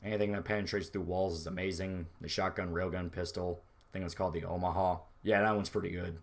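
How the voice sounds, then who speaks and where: Laid-back, low-voiced male streamer. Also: flat delivery, fast talker. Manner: rambling, profane, laid-back. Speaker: streamer reading chat. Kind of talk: casual livestream chat.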